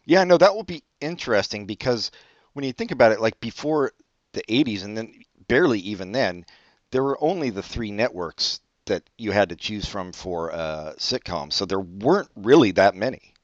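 A man's voice: lowish voice, animated, moderate pace, no room sound. A man co-hosting a casual podcast chat, laid-back and casually profane, asking questions. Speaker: podcast co-host. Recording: dull dry close-mic audio.

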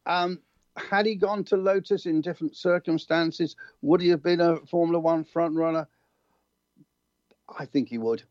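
A man's voice: on the high side, little pitch movement, normal speed, darkish tone, no echo. An older man, a regular guest on the show, reminiscing about past racing days in an anecdotal way. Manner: reminiscing, anecdotal, chuckling asides. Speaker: motorsport journalist and regular guest. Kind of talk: casual chat. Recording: slightly dull remote line.

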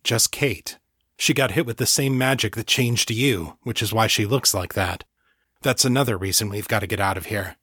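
A steady man talks calmly and reasonably, keeping others settled, voiced by the narrator close to his own voice. The sound is dry and close, like a storybook audiobook. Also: fairly low pitch, moderate pace, breathy edge, no echo. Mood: reassuring. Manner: calm, reasonable.

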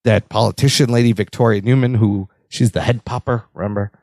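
A man's voice: lowish voice, fairly even intonation, brisk, gravelly, a little mellow, no echo, studio quality. A man hosting a casual podcast chat, laughing often as he reads out listener news. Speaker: podcast host.

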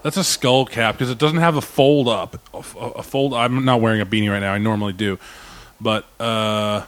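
A man's voice: fairly low pitch, fairly even intonation, moderate pace. A man co-hosting a casual movie podcast, hesitant and full of fillers. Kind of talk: casual movie-commentary chat.

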